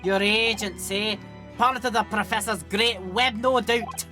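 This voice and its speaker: A woman's voice: medium pitch, measured pace, close to an everyday voice. A woman voicing a hostile, suspicious middle-aged male prison governor in a put-on general Scottish accent, with game music behind. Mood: gruff, suspicious. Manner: blustering, suspicious.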